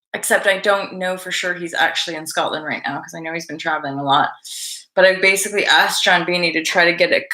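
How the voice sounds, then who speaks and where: A woman's voice: on the low side, a bit bright. A woman in her thirties hosting a vlog, chatting to camera in a rambling, laughing way with some swearing. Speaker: vlog host. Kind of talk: casual chat to camera. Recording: echoey room.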